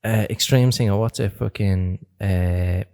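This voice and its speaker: A young man, an animated storyteller who swears freely and laughs a lot while chatting as a podcast guest. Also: lowish voice, a little slow. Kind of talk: casual chat.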